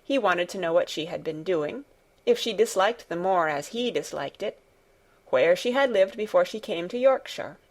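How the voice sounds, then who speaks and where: A woman narrating an audiobook in a calm, soft, even storytelling manner. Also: on the low side, moderate pace.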